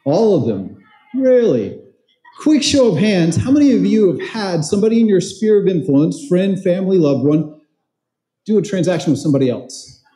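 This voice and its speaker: With a high, sing-song voice, dark tone, and normal speed, this real estate trainer delivers a motivational conference talk full of stories. He keeps it conversational, quizzing people in the crowd, while the large event hall adds a roomy echo.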